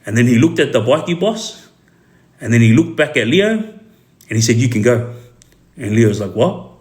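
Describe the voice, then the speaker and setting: A man's voice: medium pitch, very animated, moderate pace, darkish tone. A middle-aged man with an Australian accent tells a story in a casual, rambling way, with many fillers and asides.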